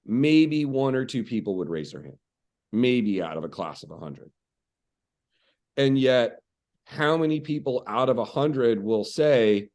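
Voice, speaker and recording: A man speaking as a real estate coach on a podcast, telling stories in a conversational, animated way with frequent fillers. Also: mid-range voice, unhurried.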